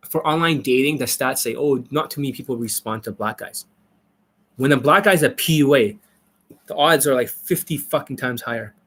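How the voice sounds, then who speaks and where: Blunt, profane man on a live stream. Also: mid-range voice. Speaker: dating coach.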